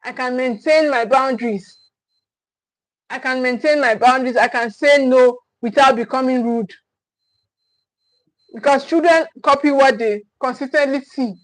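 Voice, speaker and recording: A woman's voice: high voice, unhurried, pauses often, no room sound, poor audio. A woman parenting coach giving a livestream teaching talk, repeating her key phrases with emphasis and often checking in with "okay?". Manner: frequent restarts and checking "okay?".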